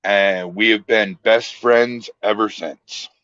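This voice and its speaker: A man's voice: on the low side, fairly even intonation, takes it slowly, fairly bright tone, dry recording. A man chatting casually on a podcast as the guest, telling stories in a laid-back way. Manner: storytelling, laid-back drawl. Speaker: guest, paranormal team founder. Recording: dull lo-fi dry sound.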